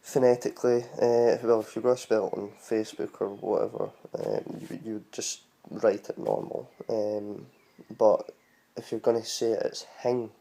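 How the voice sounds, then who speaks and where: Scottish male vlogger, gravelly and dark-toned, rambling casual explainer. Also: fairly low pitch, lively intonation, normal speed. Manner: chatty and rambling, spells words out letter by letter. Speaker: vlogger teaching Scottish words.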